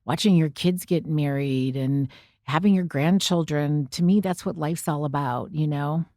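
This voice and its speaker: Lower-voiced doting mother in her fifties. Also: moderate pace, dry recording, clean studio sound. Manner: warm, doting, run-on storyteller. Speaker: guest, host's mother. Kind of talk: casual interview chat.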